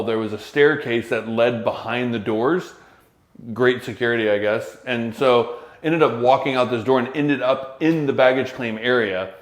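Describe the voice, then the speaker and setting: Male podcast co-host, lively casual storyteller, average pitch, echoey room sound. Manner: animated, acts out quotes. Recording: roomy echo.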